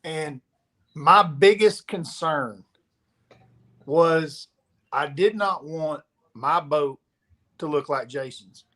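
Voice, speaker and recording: A man's voice: a little high, slow pace, pauses often. A man, a professional angler, telling a story in casual chat and acting out the dialogue as he goes. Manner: animated storyteller, acts out quoted dialogue. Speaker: pro angler guest.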